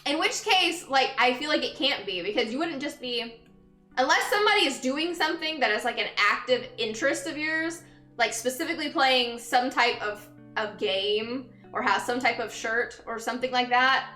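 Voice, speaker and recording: Bright, high-voiced young woman streamer. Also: moderate pace, soft background music. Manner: chatty, laughs often, greets viewers upbeat. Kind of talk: casual chat with viewers. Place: empty room, indoors. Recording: echoey empty room.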